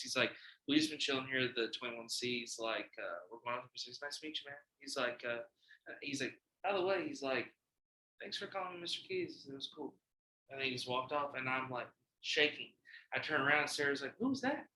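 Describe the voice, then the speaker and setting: A man hosting a casual podcast, telling animated, profane stories and acting out the quotes. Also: mid-range voice, a little fast, roomy sound, slight background noise, poor audio. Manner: animated, profane storyteller who acts out quotes. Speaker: podcast host. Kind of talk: casual podcast chat, storytelling.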